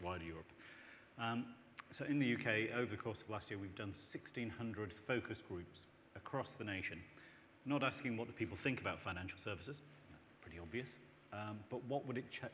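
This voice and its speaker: Guy on a panel making his case, emphatic, echoey hall, bit of hiss. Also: on the low side. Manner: emphatic, persuasive, animated with mock voices. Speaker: panel speaker. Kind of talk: panel discussion. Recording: long reverb in a hall, faint noise.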